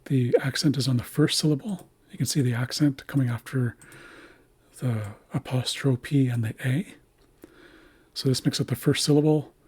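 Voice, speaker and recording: A man giving a screen-share language lesson, carefully repeating each word slowly and breaking it into syllables. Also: mid-range voice, slightly rough. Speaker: language teacher. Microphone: webcam setup.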